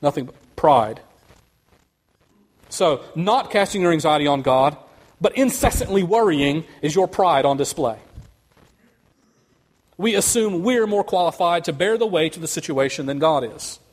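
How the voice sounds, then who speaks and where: A man preaching a sermon, speaking earnestly and building to quick, emphatic runs. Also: a little high, lively intonation. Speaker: pastor.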